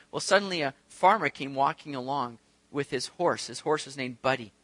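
A man's voice: medium pitch, quick pace, a bit bright, dry recording. A man preaching a conversational sermon, acting out the voices of the people in his stories. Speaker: pastor. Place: church sanctuary.

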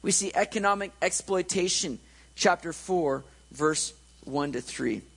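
A man's voice: sits high, animated, unhurried, creaky, a bit bright, breathy edge, poor audio. A man preaching a conversational sermon, joking and checking in with his listeners.

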